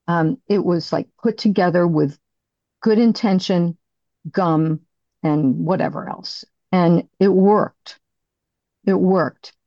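A middle-aged woman giving a candid, halting personal recovery share as a speaker. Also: on the low side, warm tone, no echo, dull audio.

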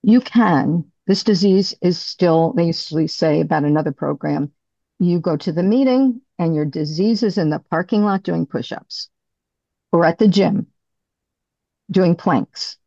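A middle-aged woman giving a candid, halting personal recovery share as a speaker. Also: fairly low pitch, creaky, warm tone, dry recording, dull audio.

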